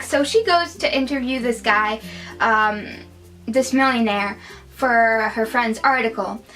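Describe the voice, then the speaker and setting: A woman's voice: high voice, a bit bright, rough recording. A woman giving a casual vlog movie review, chatty and opinionated, with many fillers.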